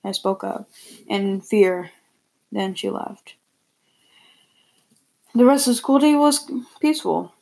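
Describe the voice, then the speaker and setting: Woman reading her story out loud, breathy voice, kinda halting, mid pitch. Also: lively intonation, low-quality recording. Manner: plain, hesitant reading with repeated words. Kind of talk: reading a first-person story aloud.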